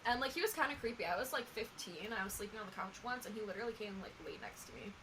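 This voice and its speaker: Bright-voiced giggly young woman. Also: mid-range voice, rapid-fire, a little hiss or hum, rough recording. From California and Tennessee. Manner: giggly, blunt and crude. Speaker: podcast co-host. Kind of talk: casual chat.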